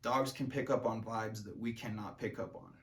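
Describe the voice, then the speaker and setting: A man's voice: fairly low pitch, fairly even intonation, normal speed. A man talking casually to camera in a rambling vlog monologue, full of fillers and restarts. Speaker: vlogger.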